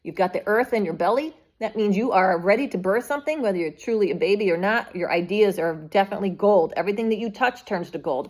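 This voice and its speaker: Blunt, profane woman reading tarot. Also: medium pitch. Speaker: tarot reader.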